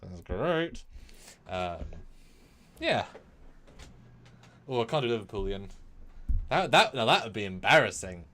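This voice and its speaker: A man's voice: lowish voice, big pitch swings, unhurried, long pauses, pushed and bright. A man co-hosting a live stream, chatting casually with laughs and trailing asides. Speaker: show co-host. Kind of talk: casual livestream chat.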